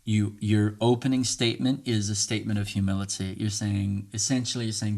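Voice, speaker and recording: A man's voice: lowish voice, little pitch movement, a little fast, gravelly, few pauses, a little mellow. A man hosting a podcast, earnestly teaching communication tools and acting out sample dialogue. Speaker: podcast host. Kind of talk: casual teaching monologue.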